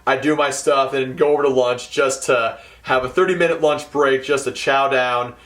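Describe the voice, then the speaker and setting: A young man telling a work story in a casual ranting vlog, swearing freely and swinging between mumbled asides and loud outbursts. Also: mid-range voice, steady tone, normal speed. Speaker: hotel event setup worker.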